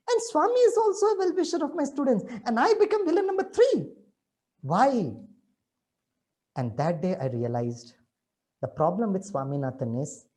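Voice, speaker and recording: A middle-aged man with an Indian accent delivers a motivational talk full of stories. His mellow voice swoops up and down in lively pitch. He swings between soft asides and loud, dramatic lines. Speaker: motivational speaker.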